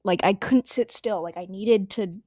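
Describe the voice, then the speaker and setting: A woman's voice: mid-range voice, normal speed, warm tone, dry recording, clean studio sound. A young woman telling a story in a casual, rambling way, full of fillers, restarts and swearing. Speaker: storytelling vlogger.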